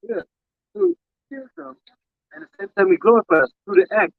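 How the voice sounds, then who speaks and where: A man leading a casual Bible study chat in an excitable way, swearing and saying "man" again and again. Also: very high-pitched, a little fast, vocal fry, breathy edge, no echo. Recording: dull lo-fi dry live stream.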